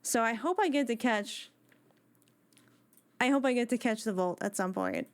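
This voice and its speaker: A woman's voice: fairly high pitch, animated, moderate pace. A woman live streaming from home on a desk microphone, chatting casually with her viewers and greeting them one by one.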